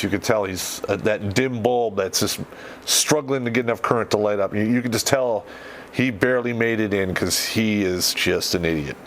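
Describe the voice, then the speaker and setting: A man's voice: on the low side, slight background noise. A middle-aged man who swears freely while casually telling a war story on a podcast and laughs as he goes. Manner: profane, laughs through the telling.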